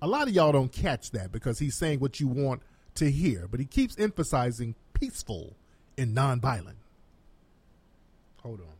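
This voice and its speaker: A man's voice: medium pitch, very animated, normal speed, pauses often, a little mellow, slightly rough, dry recording. Emphatic man reacting to a clip. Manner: emphatic, preachy, addresses viewers directly. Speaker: political commentator.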